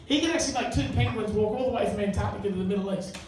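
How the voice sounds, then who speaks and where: A man's voice: high-pitched, rapid-fire, background noise. Male stand-up, crude and chatty, live pub room with heavy echo, distant mic. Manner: crude, conversational, banters with the crowd. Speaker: stand-up comedian. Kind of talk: stand-up comedy set. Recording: echoey room, mic far off. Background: audience laughter.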